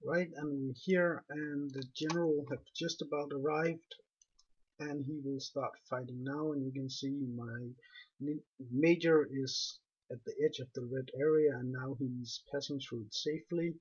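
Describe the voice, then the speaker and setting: A man with a non-native English accent, calmly explaining a game walkthrough step by step. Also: medium pitch, unhurried, breathy edge. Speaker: game guide narrator. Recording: dull lo-fi recording.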